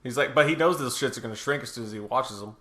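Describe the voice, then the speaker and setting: A man's voice: medium pitch, fast talker, bright, forceful tone, reverberant. A man in a casual movie commentary, crude and teasing.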